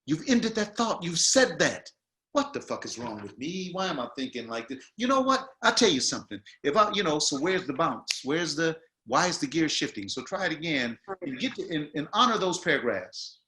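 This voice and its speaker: A man's voice: fairly high pitch, very animated, normal speed, sharp tone. A man coaching actors in a masterclass, talking in a colloquial, emphatic, slangy way. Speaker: acting teacher.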